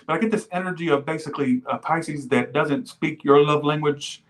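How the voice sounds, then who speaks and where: A man's voice: on the high side, a little fast. A man giving a casual livestream tarot reading. He rambles, swears freely and wanders off on tangents, and he breaks off to thank viewers for donations. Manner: rambling, profane, goes off on tangents. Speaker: tarot reader.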